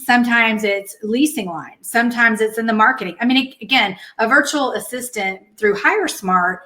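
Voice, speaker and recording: A woman guest on a business podcast, explaining her services with confident, brisk, sales-minded talk. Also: on the high side, pushed and bright. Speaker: guest, virtual assistant business owner. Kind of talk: casual interview talk.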